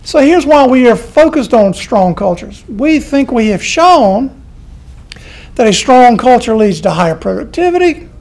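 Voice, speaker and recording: Southern professor, middle-aged man, gravelly, folksy classroom talk. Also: very high voice, sing-song, a little slow, a little mellow. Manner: chatty, folksy, repeats key points. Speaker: college professor. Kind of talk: classroom lecture.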